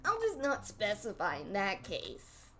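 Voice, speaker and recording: A woman's voice: mid-range voice, wildly swooping pitch, unhurried, sharp tone, exaggerated voice. A woman voicing snarky phone-headed carnival characters, reading game dialogue aloud in a sardonic, teasing manner.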